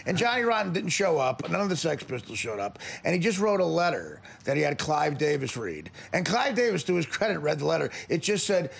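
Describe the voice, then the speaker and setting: Gravelly-voiced joking host. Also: male voice, a little high, very animated, a little fast, hardly any pauses. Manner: rambling, joking, with many fillers. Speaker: talk show host. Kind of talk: casual interview chat. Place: radio studio.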